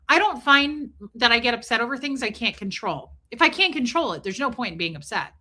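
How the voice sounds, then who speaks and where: A woman streaming live in a casual, blunt way, with swearing sprinkled through her chat. Her voice sits a little high and sounds bright and forceful. She talks straight to her viewers and thanks them as she goes. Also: animated, brisk. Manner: blunt, profane, chatty, reads and thanks viewers' super chats. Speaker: livestream host. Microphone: streaming mic.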